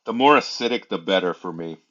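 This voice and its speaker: With a low, fairly bright voice and lively intonation, a man chats loosely and fairly quickly while hosting a casual livestream. He rambles, laughs often, and uses many fillers, and the recording sounds dull and lo-fi.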